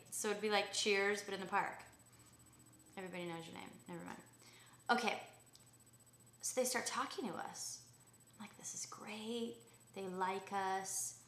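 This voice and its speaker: A young woman rants through a casual story, piling up fillers and asides as she goes. Her voice sits a little low but rings bright and lively. The room around her echoes noticeably. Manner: chatty, rambling, full of fillers and asides. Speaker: vlogger.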